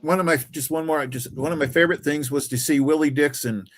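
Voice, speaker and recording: A man's voice: on the high side, steady tone, fast. A middle-aged man from Canada on a live stream, telling concert stories with repeats and a trailing "man". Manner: storytelling, repeats words, ends lines with "man". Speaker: co-host. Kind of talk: casual chat.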